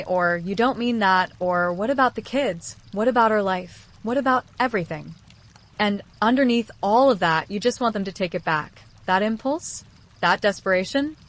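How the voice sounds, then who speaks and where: Calm, earnest woman narrating self-help. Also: mid-range voice. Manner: calm, earnest, addresses listener directly. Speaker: relationship psychology video host.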